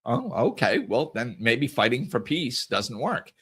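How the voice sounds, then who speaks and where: A man's voice: medium pitch, big pitch swings, unhurried, a bit bright, husky. A middle-aged man hosting a podcast, giving an earnest reflective monologue on scripture and the inner life, often repeating and correcting his words as he goes. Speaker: podcast host.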